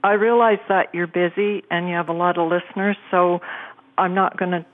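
A woman from Canada calling into a radio show, talking in a rushed, breathless way. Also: on the low side, fairly even intonation. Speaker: caller. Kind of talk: phone-in call. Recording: tinny phone line.

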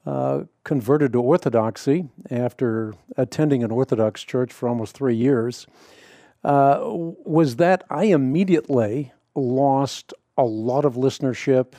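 Middle-aged radio host guy, warm low tone, dry sound, earnest and fluent. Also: measured pace, no room sound. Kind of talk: conversational interview.

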